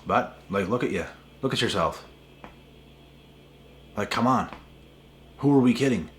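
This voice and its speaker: A man's voice: on the low side, expressive, a little slow, slight background noise. A man hosting a spiritual channel, ranting to camera in an emphatic, repetitive way with a lot of swearing. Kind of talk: casual rant to camera.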